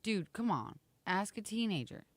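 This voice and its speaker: A woman in her thirties with a slight rasp, co-hosting a morning show and chatting casually with viewers. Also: mid-range voice, animated, moderate pace, no echo. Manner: chatty, reads viewer comments aloud, laughs often. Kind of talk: casual live-stream chat.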